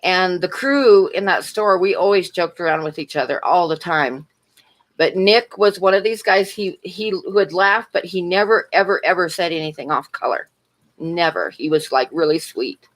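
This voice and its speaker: A woman's voice: on the low side, normal speed. Brief: woman livestreamer, casual chat, rambling anecdotes, frequent laughs, asides to chat. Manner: rambling storyteller, laughs often, talks to chat.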